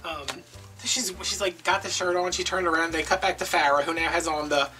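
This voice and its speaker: Animated, gossipy storyteller man. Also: on the high side, fairly quick. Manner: animated, gossipy, acts out other voices. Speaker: crafting video host. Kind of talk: casual storytelling. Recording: distant mic with faint background music.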